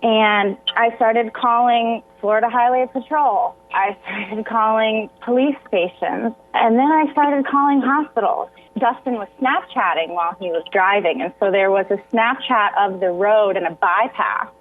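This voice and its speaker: Woman on a radio call-in, kinda high voice, tinny phone line, sharing a personal story. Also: unhurried, hardly any pauses. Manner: breaks into tears at times. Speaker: interview guest. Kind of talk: emotional personal account.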